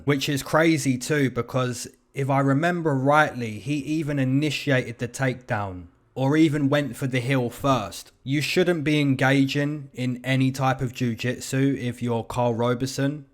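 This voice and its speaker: A young man hosting his own show, giving casual, slangy fight predictions and betting numbers. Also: mid-range voice. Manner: chatty, slangy, hedging with "you know" and "man". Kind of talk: casual commentary.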